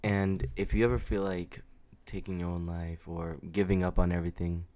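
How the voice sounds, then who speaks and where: A man's voice: sits low, flat delivery, normal speed, dark tone, no room sound. A young man vlogging casually, telling a personal story in a laid-back way full of "like" and "man". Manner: laid-back, filler-heavy, repeats "like" and "man".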